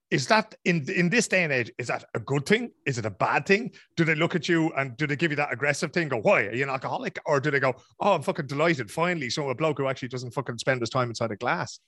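Fast-talking fifty-something Irish host. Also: male voice, mid-range voice, expressive, fairly bright tone, no room sound, studio quality. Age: 50s. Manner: quick, blunt and joking, swears casually. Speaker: podcast host. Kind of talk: casual chat.

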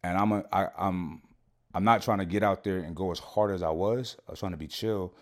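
A man's voice: low-pitched, fairly even intonation, fairly quick. A man, a podcast guest, telling a long personal story in a casual, slangy way, swearing often and checking in with "you know what I'm saying".

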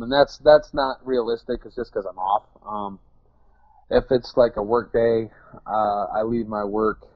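Male guest with a low voice, rambling and self-deprecating, on a dry, dull lo-fi recording. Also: no echo. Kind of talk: casual interview chat.

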